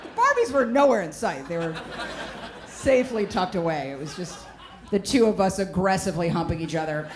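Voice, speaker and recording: A woman doing stand-up comedy with brash, deadpan storytelling on a club stage mic. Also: on the low side, normal speed. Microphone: handheld stage mic. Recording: noisy live stage recording. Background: audience laughter.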